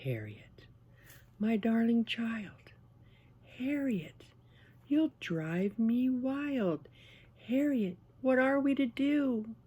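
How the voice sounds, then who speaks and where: Storybook mom, put on by the reader: patient, exasperated, sing-song, slow and husky. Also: medium pitch, lively intonation, dark tone, dull audio, pitched above the performer's own voice, heavily acted. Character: patient mother, exasperated with child. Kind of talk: storybook read-aloud.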